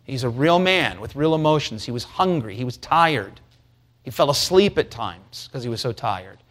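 A man preaching a sermon, shifting between hushed, slow passages and rising, fervent stretches. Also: mid-range voice, lively intonation.

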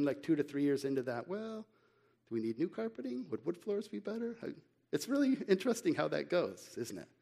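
A middle-aged man preaching a sermon as pastor, earnest and conversational, asking rhetorical questions and reading scripture slowly and with emphasis. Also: on the high side, a little mellow.

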